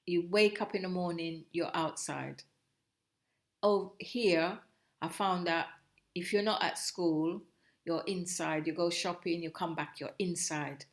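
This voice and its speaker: A woman's voice: fairly low pitch, steady tone. Middle-aged woman recounting her past. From Jamaica. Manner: reflective, halting, breaks off and restarts mid-phrase. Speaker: guest, host's mother. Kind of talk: personal storytelling.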